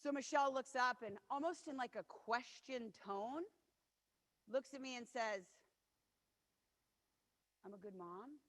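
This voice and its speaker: A woman's voice: sits high, a little slow, fairly bright tone. A woman in her forties giving a motivational keynote, telling personal stories in an earnest, personal way. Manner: personal, earnest, acts out quotes of others. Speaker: keynote speaker. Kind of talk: motivational storytelling speech. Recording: long hall reverb.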